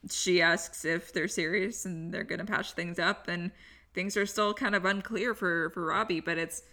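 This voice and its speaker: Bright-voiced, enthusiastic woman podcaster. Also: lowish voice, steady tone, normal speed. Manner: enthusiastic, laughs often, acts out quoted lines. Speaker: podcast co-host. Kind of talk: casual episode recap chat.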